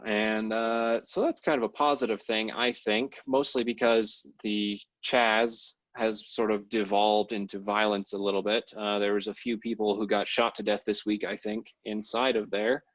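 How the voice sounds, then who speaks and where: A man's voice: on the low side, little pitch movement, normal speed, hardly any pauses, fairly bright tone, dry recording. Guy rambling thru a politics chat, lots of um and you know, dry dull sound. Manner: rambling, many fillers and hedges. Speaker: podcast co-host. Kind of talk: casual political discussion.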